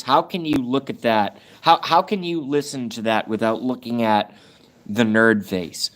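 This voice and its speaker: Guy ranting on his livestream, reading chat, rambly and sweary, voice jumps up and down a lot. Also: unhurried. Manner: rambling, profane, sudden jumps in pitch and loudness. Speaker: livestream host.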